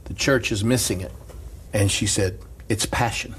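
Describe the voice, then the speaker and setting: A man's voice: on the low side, moderate pace, slightly rough. A male pastor telling a story in casual chat, laughing often and breaking into a preaching cadence. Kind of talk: storytelling sermon-style chat.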